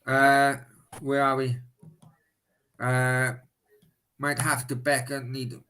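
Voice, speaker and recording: A man's voice: mid-range voice, monotone, slow, sharp tone, rough recording. A man hosting a live stream, answering viewer questions in blunt, casual chat and swearing freely.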